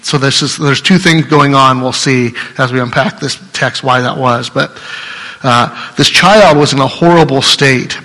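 Male pastor, earnest and chatty sermon delivery, forceful tone, reverberant hall sound. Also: medium pitch, measured pace. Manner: earnest, conversational, restarts mid-sentence.

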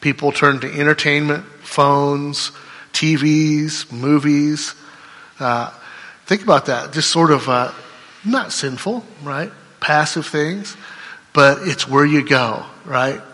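A middle-aged man, a pastor, giving a conversational sermon full of rhetorical questions and tag questions, sometimes breaking into excited storytelling. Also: fairly high pitch, takes it slowly, long reverb tail.

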